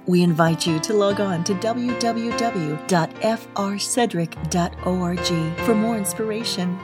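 A woman announcer reading a scripted program introduction in a calm, measured way. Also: medium pitch. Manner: calm, measured, spells things out slowly. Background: music.

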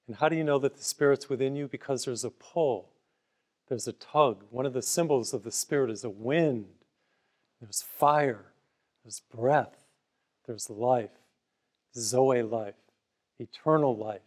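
A man's voice: medium pitch, moderate pace, a little mellow. Man preaching a broadcast sermon. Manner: conversational storytelling with everyday parables; offers free booklets to listeners.

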